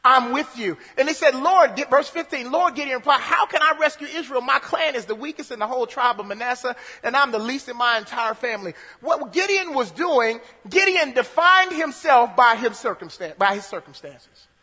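A man with a very high, bright voice preaches a sermon. He reads scripture aloud and then expounds on it, often repeating phrases and restarting sentences. His voice carries a long hall reverb. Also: lively intonation, normal speed, hardly any pauses.

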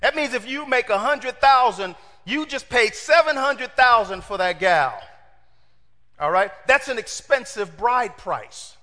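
A man preaching a sermon in an animated way, asking his congregation questions and acting out the quotes. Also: very high-pitched, unhurried, long reverb tail.

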